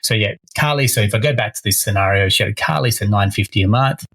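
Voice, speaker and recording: A man's voice: on the low side, quick pace, vocal fry, fairly bright tone, no echo, poor audio. A man, co-hosting a casual podcast as a mortgage broker, talking energetically and often restarting his phrases.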